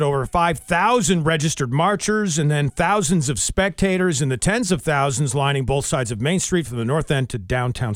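A man's voice: fairly high pitch, no room sound. Dry-voiced male radio news reader. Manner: steady, informative news delivery. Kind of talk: reading local news on air. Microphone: radio studio microphone.

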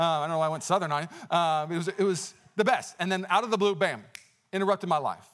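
A male pastor preaching a sermon in a conversational, animated way, with frequent fillers and restarts. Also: high voice, fast talker.

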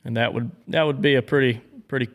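A man from Georgia with a Southern accent, explaining dog training in a casual chat, measured and steady. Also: medium pitch. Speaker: dog trainer and duck hunter.

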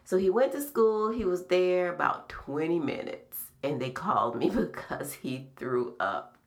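A middle-aged woman with a low, gravelly voice, talking slowly. She hosts a podcast and shares memories in a soft, reflective manner. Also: expressive. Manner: slow, soft-spoken, reflective storytelling. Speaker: podcast host. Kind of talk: casual heartfelt conversation.

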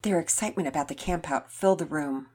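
A woman narrating a children's story in an expressive reading voice. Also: low voice, quick pace, breathy edge.

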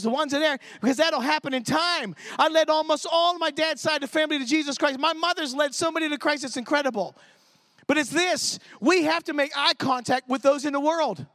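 High-pitched lively preacher man. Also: fairly quick, no room sound. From Pittsburgh. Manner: animated, storytelling, street-talking preacher. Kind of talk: sermon.

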